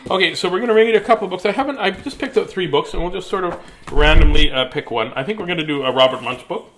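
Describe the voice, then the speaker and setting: A man's voice: high-pitched, expressive, fast talker, a bit bright, a little hiss or hum. A man in his fifties reading children's books aloud, joking, singing silly rhymes and chatting between pages. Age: 50s. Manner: goofy, sings silly rhymes, jokey asides. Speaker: children's book reader. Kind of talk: playful read-aloud with banter.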